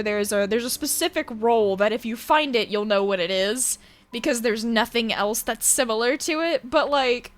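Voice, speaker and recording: A woman's voice: on the high side, a bit bright. A woman streamer chatting casually with viewers in a rambling, giggly way. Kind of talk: casual chat.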